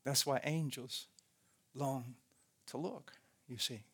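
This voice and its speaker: A man's voice: medium pitch, fairly even intonation, slow pace, a bit bright, husky. A man preaching a sermon, earnest and emphatic, repeating key phrases.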